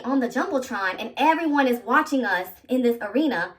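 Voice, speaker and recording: A woman in her thirties tells her viewers a personal story in an animated, chatty vlog style. Her voice sits a little high. She is heard slightly distant from the microphone. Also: brisk. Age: 30s. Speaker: vlogger.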